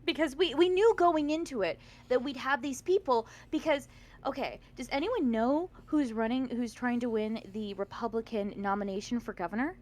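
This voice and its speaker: A woman in her twenties telling an animated story in casual chat, swearing freely. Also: a little high, normal speed. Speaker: regular player on a tabletop game stream.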